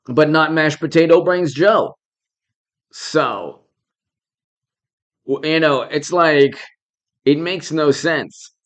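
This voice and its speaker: A man's voice: medium pitch, lo-fi sound. A man hosting political commentary, indignant and repetitive, firing off rhetorical questions and thanking viewers by name as he goes. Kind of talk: live-stream political commentary.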